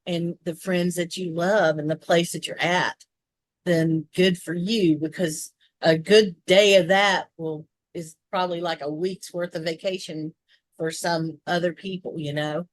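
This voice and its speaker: A woman's voice: fairly low pitch, steady tone, unhurried, dry recording. A woman with a Southern US accent, co-hosting a casual chat, rambling through long explanations with restarts and asides. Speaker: co-host.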